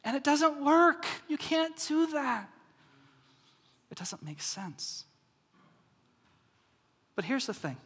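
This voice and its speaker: A man preaching a sermon as pastor, animated, moving from soft earnest passages to loud storytelling. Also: very high-pitched, slow pace, pauses often. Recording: reverberant hall.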